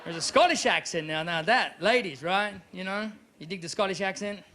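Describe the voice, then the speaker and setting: A man from Australia with an Australian accent, doing a live stand-up set in an animated, mocking, profane manner. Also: high voice, moderate pace, noisy background. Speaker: stand-up comedian. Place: live comedy venue.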